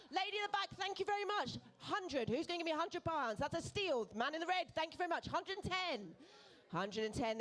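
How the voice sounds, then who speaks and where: High-voiced woman calling auction bids. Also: fairly bright tone. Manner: brisk, coaxing, playful banter with bidders. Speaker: charity auctioneer. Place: pub event room.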